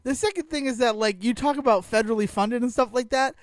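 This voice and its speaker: A man's voice: very high-pitched, fast, dry recording. A man co-hosting a podcast in casual chat, jokey, laughing often, with a playful mock outrage. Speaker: podcast co-host.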